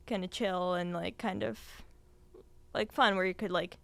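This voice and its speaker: Young woman, podcast guest; smooth, dry voice; chatty, filler-heavy, laughs easily. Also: on the low side, fairly even intonation, moderate pace, dry recording. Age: young adult. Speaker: podcast guest, design student. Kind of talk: casual interview chat.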